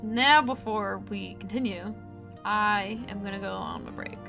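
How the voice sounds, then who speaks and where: Woman gaming streamer, excitable casual chatter, music in background. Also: mid-range voice, measured pace, gravelly. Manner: excitable, swears freely. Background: game music.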